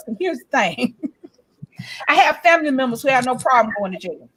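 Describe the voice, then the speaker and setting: A high-voiced woman in her forties tells a story in a loose, casual chat. She is blunt and profane and jumps between the voices of everyone in the story, now loud, now quiet. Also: moderate pace, long pauses, breathy edge, no echo, rough recording. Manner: animated, blunt and profane, acting out both sides of arguments. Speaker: podcast co-host.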